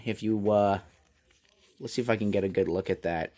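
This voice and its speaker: A man's voice: lowish voice, normal speed, warm tone. A man giving a casual, rambling toy review with many fillers. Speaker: toy collector YouTuber.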